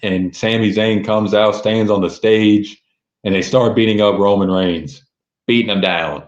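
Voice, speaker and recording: A man with a fairly low voice talks through a show's events in a casual, eager podcast recap, often quoting what people said. The sound is roomy and a bit muffled, as if recorded on modest gear in an echoing room. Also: measured pace. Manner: excited, recounting events with quoted lines. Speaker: podcast host.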